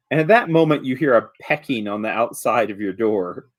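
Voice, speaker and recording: A man narrating his character's actions in a tabletop game, animated and laughing often. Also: mid-range voice, fairly quick, hardly any pauses. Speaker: player. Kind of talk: tabletop role-play narration.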